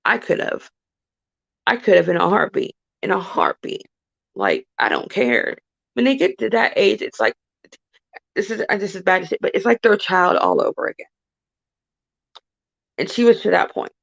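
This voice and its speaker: Gravelly-voiced woman chatting on a stream. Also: mid-range voice, sing-song, dull audio. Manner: halting, with restarts and repeated phrases. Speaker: live streamer. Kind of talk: casual storytelling on a livestream.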